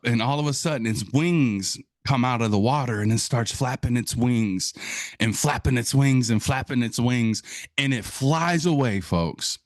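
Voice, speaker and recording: A man speaking to an audience in an animated storytelling style, often jumping up in pitch as he acts out his own amazement. He talks in a middle register, and the sound is dry and close with no room echo. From Wisconsin, USA. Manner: addresses audience as folks and y'all. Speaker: guest speaker. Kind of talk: inspirational talk to an audience.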